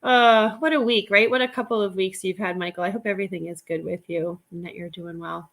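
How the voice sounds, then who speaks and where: A woman hosting a casual live stream while she works. She talks in a chatty, excitable way, laughs often, and greets viewers by name. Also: medium pitch, brisk. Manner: laughs often, rambling restarts.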